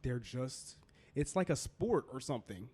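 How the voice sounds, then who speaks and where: A young man hosting a podcast in casual chat, slangy and relaxed, saying "bro" and "dude". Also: mid-range voice, unhurried, slightly rough. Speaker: podcast host.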